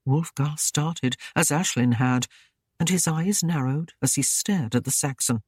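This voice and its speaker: A man narrating a historical romance audiobook in an even, steady storytelling manner. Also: on the high side, normal speed, breathy edge, dry recording, studio quality.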